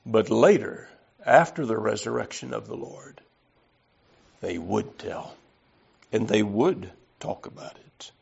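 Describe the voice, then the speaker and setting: A man's voice: fairly low pitch, unhurried, vocal fry, husky. A man preaching an earnest, emphatic sermon and reading scripture aloud. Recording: slightly dull lo-fi recording.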